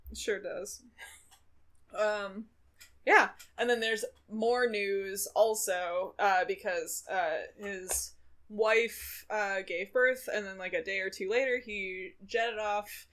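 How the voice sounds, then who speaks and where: A woman's voice: mid-range voice, steady tone, slow, fairly bright tone. A young woman co-hosting a podcast in casual chat, dry-humored with frequent fillers. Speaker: podcast co-host.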